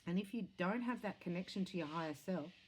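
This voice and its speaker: A woman giving a spiritual reading to camera, chatty and animated, with laughs and sudden exclamations. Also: lowish voice, fast, slight background noise. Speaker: psychic tarot reader.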